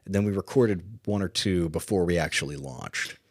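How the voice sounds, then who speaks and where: A man co-hosting a podcast in casual chat, animated and quick with asides, often laughing. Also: low-pitched, dry recording, studio quality. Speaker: podcast co-host.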